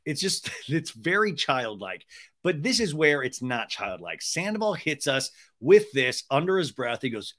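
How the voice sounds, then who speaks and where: A man's voice: a little high, very animated, unhurried, a bit bright. A man hosting a podcast, recapping TV in a chatty, joking, profane way. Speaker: podcast host. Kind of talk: casual comedic TV recap.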